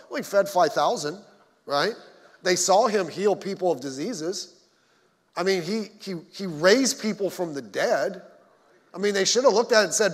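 High-voiced guy pastor, folksy chatty sermon, echo hanging in a church hall. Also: animated, normal speed. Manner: folksy, joking asides to the congregation. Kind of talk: conversational sermon. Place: church sanctuary. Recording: long hall reverb.

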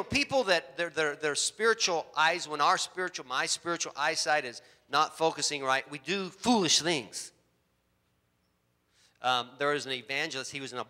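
Animated preacher man in a reverberant hall. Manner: animated storytelling, acts out voices with big pitch jumps. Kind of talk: sermon.

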